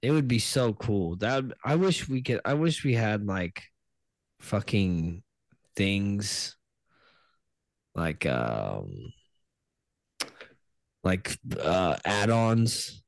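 Rambling low-voiced man, laughing. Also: big pitch swings, drawn-out words, vocal fry, long pauses, no echo. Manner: rambling, laughs often, trails off mid-sentence. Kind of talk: casual crude comedy chat.

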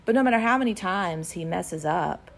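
Gravelly-voiced mom chatting. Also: female voice, on the low side, animated, moderate pace. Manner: chatty, laughs often. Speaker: podcast co-host. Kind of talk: casual chat.

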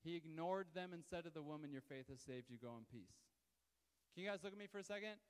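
A male pastor with a high, smooth, resonant voice preaches fast at a live church service. His sermon is casual and chatty, full of asides to the room, and the hall adds a long reverb.

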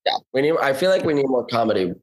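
A man's voice: mid-range voice, very animated, fast talker. A man hosting a casual interview, asking questions in a loose, rambling way full of fillers. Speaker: interviewer, host.

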